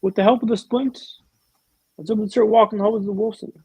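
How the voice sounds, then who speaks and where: A man telling a vivid, humorous story with dramatic pauses as a guest in a podcast interview, on a dull, lo-fi recording. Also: sits high, fairly even intonation, warm tone, breathy edge, dry recording.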